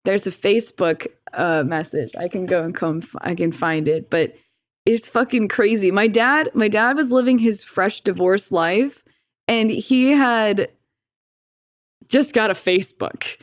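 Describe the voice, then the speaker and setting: A woman's voice: mid-range voice, a little slow, no room sound. A young woman, a podcast guest, telling a personal story in casual talk, swearing freely and laughing often.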